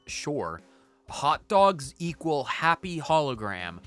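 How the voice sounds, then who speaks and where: A man streaming a game, chatting casually in an animated, joking way with frequent stammering restarts. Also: on the high side, slow pace, soft background music. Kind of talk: casual gaming commentary.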